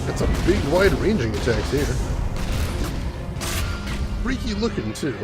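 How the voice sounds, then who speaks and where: Guy chattering through a game, kinda high voice, jumpy and excitable. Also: measured pace, long pauses, loud music behind the voice. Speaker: gaming streamer. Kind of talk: casual let's-play commentary.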